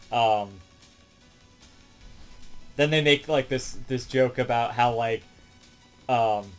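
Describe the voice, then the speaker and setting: A man with a mid-range voice recaps a film in a loose, wandering way, leaning on "um" and "like" as he goes. He talks as a reviewer in a relaxed, unscripted chat, and faint music plays behind him. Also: medium pitch, slow pace, long pauses. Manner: rambling, heavy on fillers like "um" and "like". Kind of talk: casual spoken movie recap.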